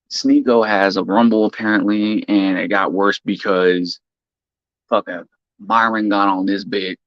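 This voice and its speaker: A low-voiced man with a gravelly edge rants to his stream, cursing and tripping over his own restarts. His sound is dry and a little dull, with no room around it. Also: dry recording. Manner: profane, rambling, animated rant with frequent restarts. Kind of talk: casual rant to chat.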